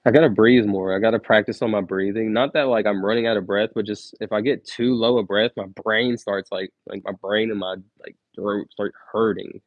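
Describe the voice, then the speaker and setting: A man's voice: fairly low pitch, steady tone, brisk, hardly any pauses, no room sound, muffled recording. A young man streaming, counting aloud and chatting to viewers in a laid-back way, saying "like" a lot, recorded on earbuds.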